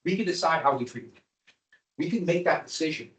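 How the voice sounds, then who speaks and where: A man's voice: on the high side, brisk, poor audio. A male history teacher giving a classroom lecture, joking with his students and teasing them with questions.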